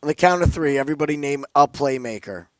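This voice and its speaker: A man's voice: a little high, quick pace, no room sound. Emphatic man talking betting picks, dry sound. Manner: emphatic, opinionated, playful asides. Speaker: sports betting podcast co-host. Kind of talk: casual sports betting chat.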